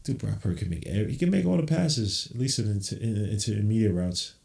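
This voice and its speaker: Lowish man doing play-by-play in a roomy space. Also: quick pace, creaky. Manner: loose slangy commentary with excited outbursts. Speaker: podcast host. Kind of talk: casual live watch-along play-by-play. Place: room at home on camera.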